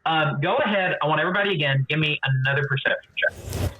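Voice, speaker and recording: A man narrating as game master of a tabletop game, relaxed and full of fillers. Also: on the high side, quick pace, noisy background. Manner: relaxed, with many fillers and hedges. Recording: dull lo-fi audio.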